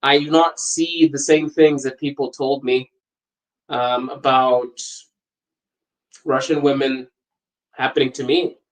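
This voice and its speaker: A man hosting a casual podcast, speaking at a middle pitch. He tells stories with lively energy and breaks into laughter often, keeping things loose and chatty. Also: slow, long pauses, rough recording. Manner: animated anecdotes, laughs often. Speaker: podcast host. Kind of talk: casual storytelling chat.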